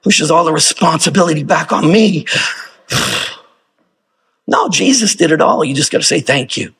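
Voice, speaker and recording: A man preaches with a husky, slightly high voice. He talks to his congregation in a loose, conversational way, throwing out rhetorical questions as he goes. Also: expressive, moderate pace, fairly bright tone. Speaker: pastor. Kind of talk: sermon.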